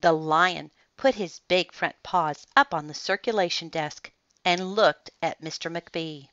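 A woman reading a children's picture book aloud in an expressive, deliberate storytelling manner. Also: low voice, no echo. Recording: dull lo-fi, dry sound.

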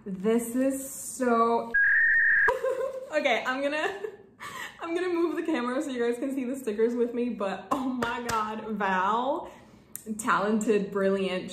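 A young woman vlogging an unboxing of gifts, gushing, squealing and laughing as she opens them. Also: mid-range voice. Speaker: book vlogger. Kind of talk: casual unboxing vlog. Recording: echoey room, faint room noise.

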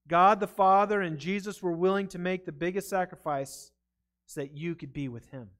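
A man preaching a sermon in a church, earnest and conversational, stumbling over his words now and then. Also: high-pitched. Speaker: pastor. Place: church sanctuary.

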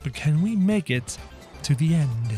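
A man giving excited, energetic commentary over his game, talking straight to his viewers. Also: on the high side, a little slow, soft background music. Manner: energetic, talks to viewers as "guys". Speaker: gaming video creator.

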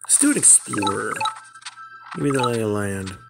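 A man's voice: lowish voice, sing-song, moderate pace, gravelly, loud music behind the voice. Profane, rambling man commenting on gameplay. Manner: profane, rambling, laughs at the game. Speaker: gameplay streamer.

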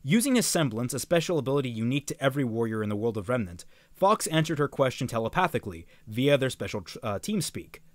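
Young male streamer reading a book aloud, lively sing-song pitch, dry close sound, trips over lines and adds joking asides. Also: fast, few pauses, dry recording. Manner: stumbles and rereads phrases, breaks off to comment.

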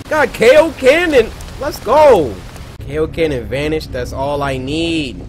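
A man giving lively let's play commentary, joking and shouting as he plays a horror game. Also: a little high, takes it slowly, a little hiss or hum. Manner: animated, yelps and jokes while playing. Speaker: gaming video host.

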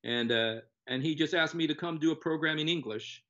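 An older man telling his personal story in an earnest, halting way, full of pauses and fillers. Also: fairly high pitch, a bit bright. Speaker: interviewee, former TV presenter. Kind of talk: personal testimony. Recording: dull lo-fi recording.

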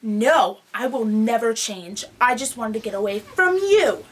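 A woman's voice: on the high side, expressive, unhurried, breathy edge, voice pushed down. A woman voicing a grumpy, sulky female figure of negativity who mutters with scorn, in a homemade comedy skit. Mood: scornful.

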